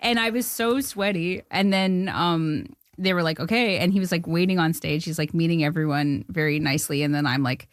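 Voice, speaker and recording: Chatty, giggly woman with a low voice. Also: fairly quick, hardly any pauses, no room sound, studio quality. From Canada. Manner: chatty, self-deprecating, giggly with many fillers. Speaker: filmmaker guest. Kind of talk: casual interview chat.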